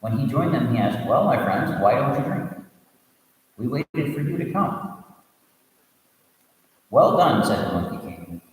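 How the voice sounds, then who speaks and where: A man, a reverend, tells a Buddhist tale as a sermon, reading aloud with asides and restarts and giving the characters lively voices. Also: medium pitch, unhurried, long pauses. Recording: echoey, reverberant room audio from a distant mic.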